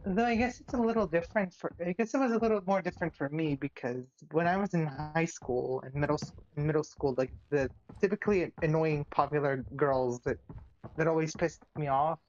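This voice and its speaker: A woman's voice: deep voice, brisk, a little mellow, lo-fi sound, a little hiss or hum. A woman chatting casually on a game stream, rambling with lots of restarts and giggles. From another country. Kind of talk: casual chat.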